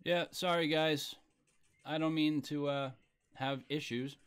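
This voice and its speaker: A man hosting a casual live stream, chatting loosely and reading viewer comments out loud. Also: on the high side, fairly even intonation, slow pace, clean tone. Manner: laid-back, reads viewer comments aloud.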